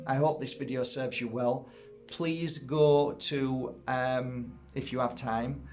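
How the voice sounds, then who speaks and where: A man hosting a casual chat video as a spiritual healer, rambling and hesitant with many fillers and restarts. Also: vocal fry. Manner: talks in a high sing-song baby voice to his dog.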